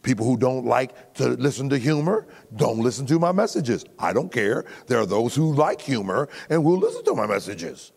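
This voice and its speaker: An older man preaching a sermon, animated and humorous, sometimes shouting. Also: mid-range voice, normal speed, vocal fry, few pauses, slightly rough. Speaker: pastor. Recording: reverberant hall recording.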